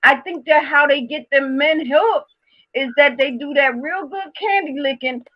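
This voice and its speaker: A woman's voice: sits high, measured pace, no room sound, dull audio. A woman hosting a casual chat, asking questions and making her points emphatically, often repeating herself.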